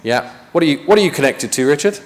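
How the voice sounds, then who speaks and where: A man's voice: on the high side, lively intonation, fast. Joking man in an echoing hall. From United Kingdom. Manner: chatty, joking asides. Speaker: conference presenter. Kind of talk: conference talk. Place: conference meeting room. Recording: long reverb of a meeting hall.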